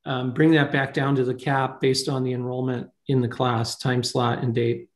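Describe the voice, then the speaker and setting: Guy running a staff video call, thinking out loud, lots of ums, medium voice. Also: medium pitch, level tone, moderate pace. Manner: thinking aloud, with fillers. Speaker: meeting leader. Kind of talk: online staff meeting discussion.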